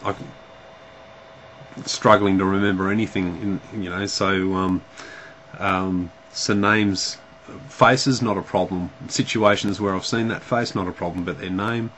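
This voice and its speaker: Australian man, casual vlog chat, lowish voice, lots of ums, halting delivery. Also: fairly even intonation, a bit bright, slight background noise, poor audio. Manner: hesitant, heavy with ums and restarts. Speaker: vlogger.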